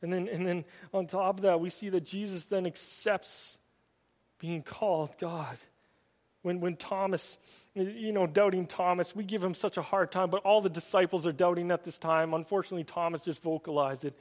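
A man preaching a sermon, retelling stories in an animated, storytelling way with many repeated "and"s. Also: high voice, normal speed. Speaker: pastor. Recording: long hall reverb.

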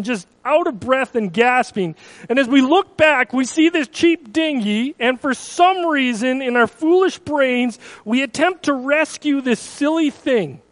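Young man, sermon, high-pitched, dry recording, earnest emphasis. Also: no room sound, poor audio. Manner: earnest storytelling, rising to urgent emphasis. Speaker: preacher.

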